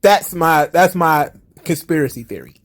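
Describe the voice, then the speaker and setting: A man's voice: a little high, moderate pace. A man hosting a wrestling commentary podcast, talking casually with frequent swearing and laughter. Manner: animated, profane, laughs often. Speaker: podcast host.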